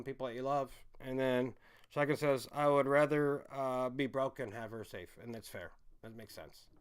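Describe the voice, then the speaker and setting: Guy rambling on his stream, cussing a lot, reading chat out, gets loud then mumbles low. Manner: loose, rambling, profane, reads chat comments aloud; swings from loud emphatic bursts to low mumbles. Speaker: livestream host. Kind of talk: casual rambling livestream chat.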